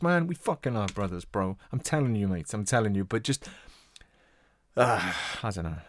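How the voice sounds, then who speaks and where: A man's voice: medium pitch, expressive, normal speed, no room sound. Candid swearing British man, dry sound. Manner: candid, swears freely, laughs often. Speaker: music reaction channel host. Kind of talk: casual reaction commentary.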